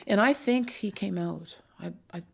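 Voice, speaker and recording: A retired police assistant chief, an older woman, recounts memories in an interview, looking back on her time as a commander. Her voice is deeply gravelly and creaky, and she tells her stories slowly and reflectively, pausing to recall details.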